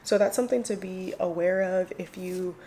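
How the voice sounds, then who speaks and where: A woman's voice: lowish voice, normal speed, dark tone, slight background noise. Chatty young woman vlogger, slangy. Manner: chatty, slangy, lots of "like" and "y'all". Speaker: beauty vlogger. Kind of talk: casual get-ready-with-me chat.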